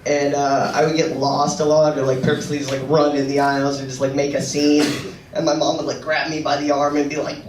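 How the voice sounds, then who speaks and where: A man's voice: a little high, little pitch movement, fairly quick. A young man doing a stand-up set while sick, with a rambling, crude, ranting delivery. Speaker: stand-up comedian. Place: comedy club stage. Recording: echoey room from far off, noisy audience recording.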